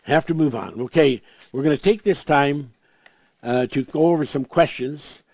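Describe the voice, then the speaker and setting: Emphatic male preacher, slightly high voice. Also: dry recording, studio quality. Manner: emphatic, repeats words for stress, reads scripture slowly; swings from loud proclamations to quiet asides. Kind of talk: sermon.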